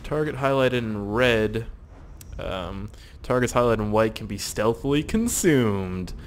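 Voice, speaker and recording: A man's voice: lowish voice, expressive, measured pace, slight background noise. A young man joking and swearing as he commentates a video game he is playing, often putting on silly voices for the characters. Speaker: gaming YouTuber. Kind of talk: let's play commentary.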